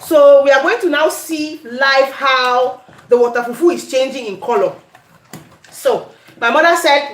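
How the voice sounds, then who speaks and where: Cameroonian-accented woman, high voice, chatty cooking host, echoey home kitchen. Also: unhurried. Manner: chatty, addresses viewers, breaks into Pidgin. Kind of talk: casual cooking demonstration.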